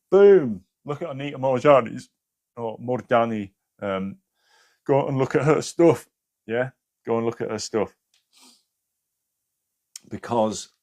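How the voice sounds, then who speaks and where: A man's voice: lowish voice, a little mellow. A man hosting a live stream, giving casual spiritual advice to viewers, swearing freely and often checking in with "yeah?".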